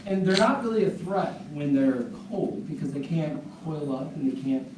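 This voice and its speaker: A man speaking to a live audience in a large room, quick and earnest, telling a story with lots of energy. His voice sits a little high and carries a strong echo. He is picked up from a distance with noticeable background noise. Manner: fast, earnest, animated storytelling. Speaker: speaker at a parents' seminar. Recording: echoey room from a distance, noisy.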